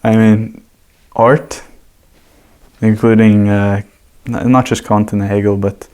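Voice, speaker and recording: A man speaking as a podcast guest, laying out his argument in long, casual explanations built on examples. His voice sits low and stays fairly flat, with little rise and fall. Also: slow, clean tone. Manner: explains points at length with examples. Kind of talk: casual conversational interview.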